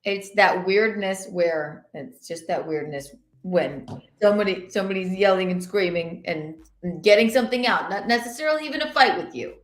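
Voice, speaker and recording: A woman hosting a podcast, chatting casually in an animated, rambling way with lots of restarts. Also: mid-range voice, normal speed. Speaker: podcast host. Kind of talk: casual chat. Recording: roomy echo.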